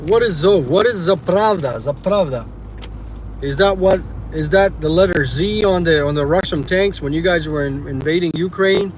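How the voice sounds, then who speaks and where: A man's voice: fairly high pitch, moderate pace, slight background noise. A man livestreaming from inside his car, ranting in a profane, irritated way and chatting casually with viewers. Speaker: livestreamer driving for rideshare. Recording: music playing in the background.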